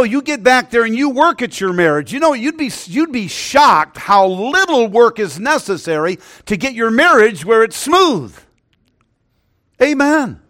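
A middle-aged man preaching a sermon, earnest, often dropping to a hushed voice when he tells a story. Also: high-pitched. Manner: earnest, drops to a hushed voice for stories.

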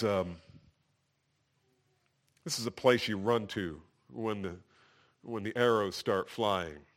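A man preaching a sermon as pastor, swelling louder and slower on key phrases. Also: on the low side.

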